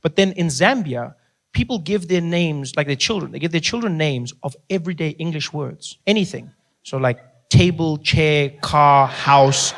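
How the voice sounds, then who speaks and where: A man's voice: fairly high pitch, moderate pace, vocal fry. Man telling a stand-up travel story. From South Africa. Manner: conversational, animated. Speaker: stand-up comedian.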